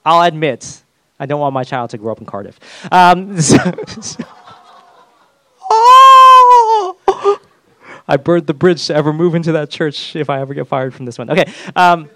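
A man's voice: fairly high pitch, brisk, no echo. Conversational male pastor preaching. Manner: conversational, self-deprecating humor. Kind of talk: sermon.

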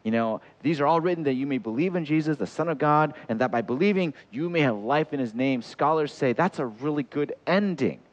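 A man preaching a sermon in an animated way, acting out the voices he quotes. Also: on the high side, a little fast, hardly any pauses. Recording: dull lo-fi sound.

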